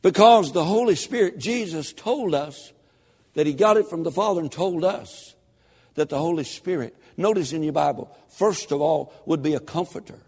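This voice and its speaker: A man preaching a sermon, fervent and building to shouted emphasis. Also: on the high side, moderate pace, husky, long reverb tail.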